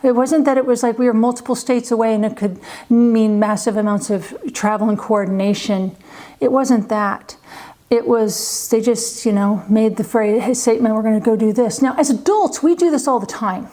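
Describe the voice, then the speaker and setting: A woman in her forties speaks at a normal speed, casually telling the camera about her experiences as a parent and teacher. Her voice runs a little high, she laughs lightly and says "you know" often, and she plays out others' words in livelier tones.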